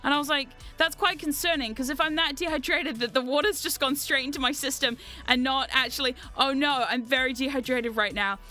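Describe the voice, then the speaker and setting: A woman vlogger chatting casually, telling animated stories, often laughing and swearing freely. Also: high voice, fairly quick, hardly any pauses, soft background music. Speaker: VTuber vlogger. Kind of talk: casual storytelling chat.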